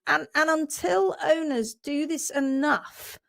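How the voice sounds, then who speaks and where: A woman co-hosts a live podcast with fervent conviction. Her slightly high voice carries a gravelly texture. The sound is close and dry with no room around it. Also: takes it slowly, few pauses, fairly bright tone, no echo. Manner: passionate, reads viewer comments aloud. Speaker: podcast co-host. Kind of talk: casual live podcast chat.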